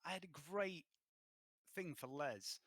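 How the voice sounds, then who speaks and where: A man's voice: fairly high pitch, slow, a bit bright, no echo. A man casually running a tabletop role-playing game, hesitant with many ums and given to swearing. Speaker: game master.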